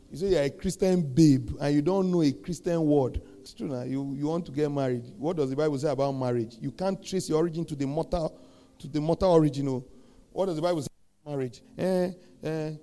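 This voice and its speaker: Guy preaching, gravelly and kinda high, keeps asking the crowd stuff, loud then soft. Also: brisk. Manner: animated, rhetorical questions, swings between loud and soft. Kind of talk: sermon.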